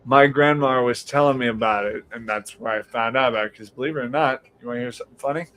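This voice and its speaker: A man's voice: mid-range voice, quick pace, smooth, low-quality recording. Rambling Boston-accented man streaming. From New England. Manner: rambling storyteller, quotes others in lively voices. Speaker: livestream podcast host. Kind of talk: casual chat, reading viewer comments.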